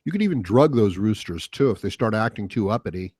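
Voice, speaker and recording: A man's voice: lowish voice, expressive, brisk, a little mellow, husky, no echo. Profane rambling man, dry close mic. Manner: rambling, profane, full of fillers. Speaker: podcast host. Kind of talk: casual solo rant.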